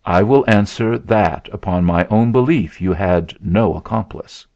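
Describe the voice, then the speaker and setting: Man doing a calm, stern investigator. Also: lowish voice, dry recording. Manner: measured and level. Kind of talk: dramatic storybook reading. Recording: dull lo-fi recording.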